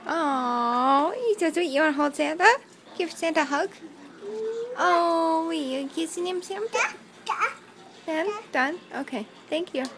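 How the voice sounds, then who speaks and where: A woman's voice: extremely high pitch, animated, measured pace, very noisy. A young woman filming her toddler at home, talking in a sing-song, cooing baby-talk voice and repeating words for the child.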